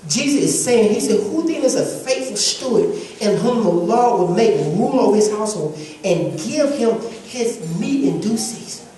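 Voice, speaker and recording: A woman's voice: on the high side, dark tone, slight background noise. A woman preaching a sermon to a congregation, emphatic and repetitive, in a call-and-response style. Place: church sanctuary with congregation. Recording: echoey church hall from far off.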